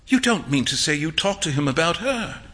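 A man reading a story aloud, voicing an earnest young gentleman with a sulky manner. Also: a little high, big pitch swings, fairly quick. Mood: earnest dismayed.

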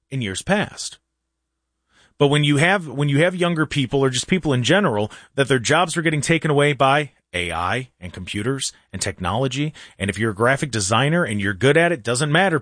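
Animated, ranting man with a lively voice. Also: fairly high pitch, dry recording, clean studio sound. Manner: animated ranting, frequent restarts and repeated words. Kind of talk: casual opinionated chat.

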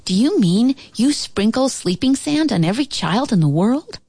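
A woman voicing a frightened, excited little boy in a storybook read-aloud, with high, breathless exclamations. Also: moderate pace, slightly rough, dry recording, heavily acted. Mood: amazed.

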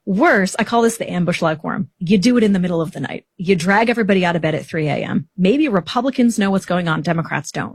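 A woman's voice: on the low side, creaky, slightly rough, no room sound, studio quality. A woman being interviewed as a political guest, cheerfully laying out a plan step by step. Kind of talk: interview explanation.

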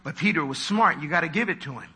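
Husky, bright-voiced preacher man. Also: animated, quick pace. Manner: dramatic, acts out voices with big pitch leaps. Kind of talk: sermon.

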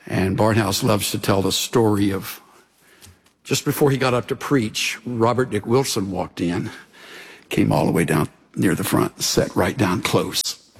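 A man preaching a sermon as a pastor, in a measured, earnest delivery that sinks into hushed, intense passages. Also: on the low side, vocal fry, breathy edge.

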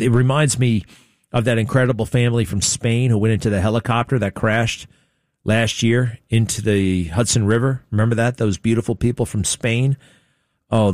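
A man's voice: lowish voice, a little mellow, dry recording, studio quality. Sarcastic male talk host. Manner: sarcastic and mocking. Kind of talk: opinionated commentary.

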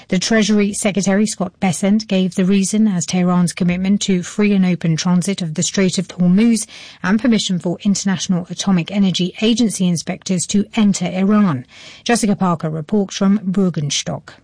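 Mellow-voiced woman reading the news. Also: medium pitch, no echo. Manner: steady, formal newsreading. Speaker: newsreader.

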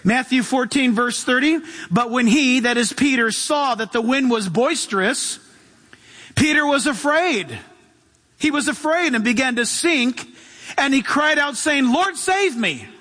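Male pastor preaching, reads verses then calls out to the church, sharp voice, big reverb. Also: very high voice, animated, measured pace. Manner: reads scripture then preaches with call-outs to the congregation. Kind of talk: sermon. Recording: long hall reverb.

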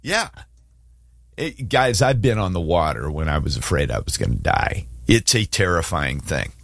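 Animated man hosting a faith talk show. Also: deep voice, normal speed, creaky, no room sound, clean studio sound. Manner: animated, storytelling, dramatizes scripture scenes. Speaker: host.

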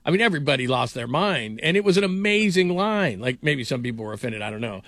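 A man's voice: medium pitch, fast talker, dry recording. A middle-aged man hosting a sports radio show, telling rambling stories in casual talk with lots of fillers. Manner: rambling storyteller, animated, frequent fillers.

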